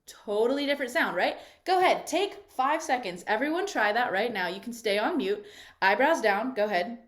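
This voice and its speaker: A woman's voice: a little high, big pitch swings, moderate pace. A woman voice coach leading a live online workshop over a video call, talking in an encouraging, conversational way and often checking in with "right?".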